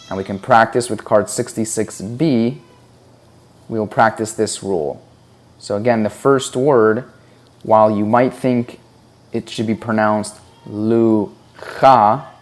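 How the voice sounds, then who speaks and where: Here a man with a fairly low, slightly mellow voice leads a Hebrew reading lesson. He takes it slowly and deliberately, explaining with patience and breaking words into syllables one by one.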